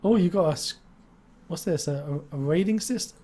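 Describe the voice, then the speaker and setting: A man's voice: a little high, a little fast, warm tone, slight background noise. Chatty, jokey male stream host. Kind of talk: casual live-stream interview.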